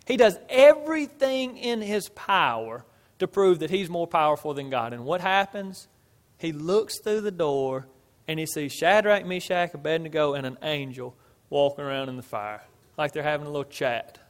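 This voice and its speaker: Pastor, male, high voice, emphatic delivery, loud-soft swings, reverberant hall. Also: lively intonation, moderate pace. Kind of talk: sermon.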